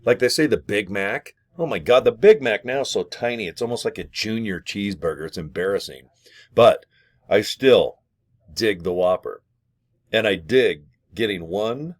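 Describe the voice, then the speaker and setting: A man talking to camera in a jokey, rambling way while pitching an affiliate program from his small home studio. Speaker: vlogger promoting an affiliate program. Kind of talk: casual rambling sales talk to camera.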